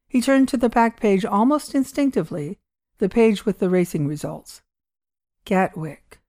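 A woman reading a short story aloud in a measured, even storytelling manner. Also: mid-range voice, dry recording, clean studio sound. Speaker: audiobook reader. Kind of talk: storytelling narration.

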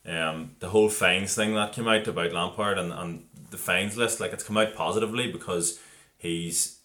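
A man's voice: deep voice, steady tone, normal speed, pushed and bright. A man co-hosting a casual football podcast, chatty and full of "like" and "um". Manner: chatty, filler-heavy, saying "like" and "um". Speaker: podcast co-host.

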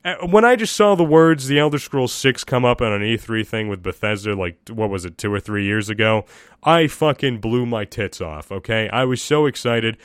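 A man's voice: medium pitch, normal speed, clean tone, no room sound, clean studio sound. A man talking casually and at length about video games, swearing often and mocking himself. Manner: profane, self-deprecating, excitable. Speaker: gaming vlogger. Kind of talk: casual rambling monologue.

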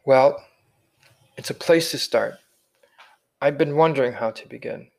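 A man reading the part of a weary old man who carries heavy memories, speaking slowly with sighs. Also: mid-range voice, creaky, darkish tone. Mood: gentle. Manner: slow, weighted, sighing. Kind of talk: audiobook character reading.

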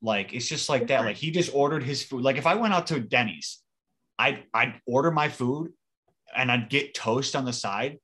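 A man's voice: medium pitch, normal speed, bright, forceful tone, husky. A man co-hosting a podcast in casual chat, telling a rambling everyday story with some swearing. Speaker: podcast co-host.

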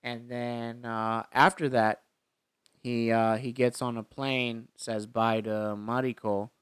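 A man's voice: mid-range voice, flat delivery, slow, clear, resonant tone, no room sound. A man casually retelling a film's plot in chat, rambling with plenty of fillers and restarts. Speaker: movie recap co-host.

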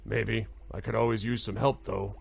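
A man's voice: on the low side, little pitch movement, normal speed, gravelly, slightly rough, no room sound. A man narrating as game master of a tabletop game, laid-back and hesitant with many fillers.

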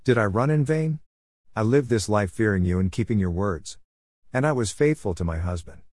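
A man's voice: fairly low pitch, expressive, normal speed, a little mellow, dry recording, studio quality. A man voicing a distraught woman who pleads at heaven's gate in a retold testimony. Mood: pleading.

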